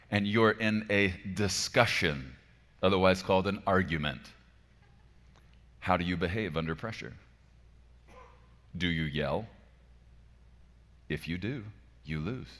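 Deep-voiced pastor preaching in a reverberant hall. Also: male voice. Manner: emphatic, rhetorical questions, swings between soft and loud. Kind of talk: sermon.

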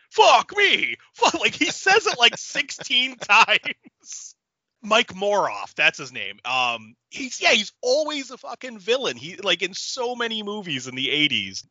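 Very bright, animated man chatting films. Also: mid-range voice, no echo, muffled recording. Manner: animated, laughs often, swears casually. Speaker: podcast co-host. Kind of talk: casual film chat.

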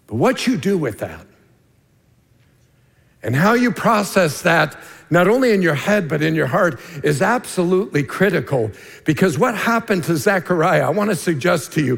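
A man preaching a sermon as lead pastor, earnest and emphatic, dropping to a hushed tone for key points. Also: sits high, lively intonation, unhurried, creaky. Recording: long reverb of a large hall.

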